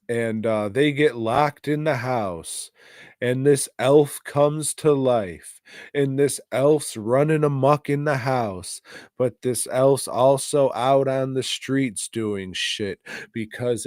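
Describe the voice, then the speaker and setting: A man's voice: mid-range voice, a little mellow, dry recording, studio quality. A man co-hosting a podcast, giving a rambling, profane and exasperated movie review in casual chat. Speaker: podcast co-host.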